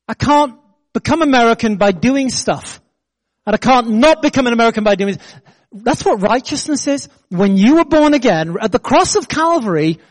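A middle-aged man with a British accent preaches with a fairly high, bright-edged voice. He jumps from quick, punchy jokes to slower, weighty lines. He keeps a lively, conversational pulpit manner. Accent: British English. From Britain. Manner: animated preaching with self-deprecating jokes and laughter. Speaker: pastor. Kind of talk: sermon.

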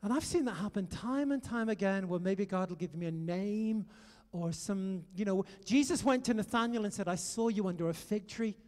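A British man preaching a sermon, telling stories and urging his listeners on in an animated way. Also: high voice, moderate pace, in a large hall. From Britain. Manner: animated storytelling, exhorting the audience.

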